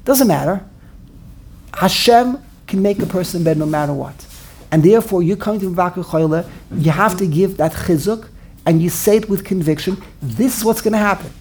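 A woman's voice: on the low side, moderate pace, dark tone, slight background noise. A woman giving a religious class, thinking aloud with emphatic rhetorical questions and frequent restarts. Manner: talks with many restarts while thinking aloud. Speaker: Torah teacher.

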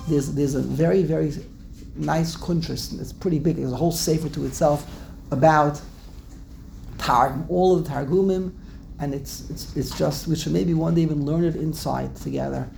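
A man's voice: fairly high pitch, steady tone, normal speed, creaky, a little mellow, soft background music. A man teaching a casual Torah class to a small group, digressive, often repeating himself and restarting sentences.

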